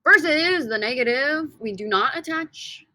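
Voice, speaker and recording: Woman, teacher, casual lesson, playful, energetic, bright voice, dry sound. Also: sits high, no room sound. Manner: energetic and playful, drawn-out repetitions. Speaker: Spanish teacher.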